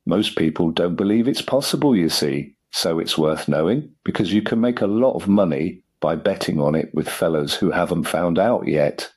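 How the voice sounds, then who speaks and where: A man's voice: low voice, expressive, moderate pace, few pauses, darkish tone, husky. A man doing a knowing old uncle. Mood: confiding. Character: old uncle giving worldly advice.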